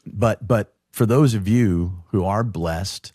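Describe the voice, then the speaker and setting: A deep-voiced middle-aged man tells a heartfelt personal story as a podcast guest. He speaks earnestly, stumbling and restarting as he goes. The recording is close and dry, with no room sound. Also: mellow, breathy edge, no echo. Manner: earnest, halting, with frequent restarts. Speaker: podcast guest, show producer. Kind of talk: emotional personal storytelling in conversation.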